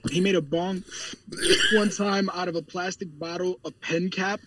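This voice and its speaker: A man's voice: sits high, little pitch movement, normal speed, far from the mic, noisy background. A man co-hosting a podcast, talking casually, rambling, laughing and swearing freely. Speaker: podcast co-host. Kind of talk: casual chat.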